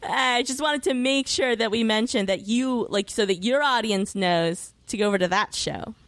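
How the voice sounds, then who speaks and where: A woman's voice: on the high side, moderate pace, no room sound. A woman with a law background, chatting on a podcast as a guest, laughing often. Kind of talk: casual podcast chat.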